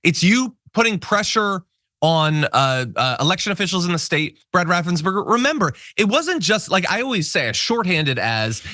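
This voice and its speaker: Talk show host guy, sarcastic, voice jumps all over, bright and punchy. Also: high-pitched, moderate pace, dry recording, studio quality. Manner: animated, sarcastic, builds hypotheticals. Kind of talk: political commentary chat.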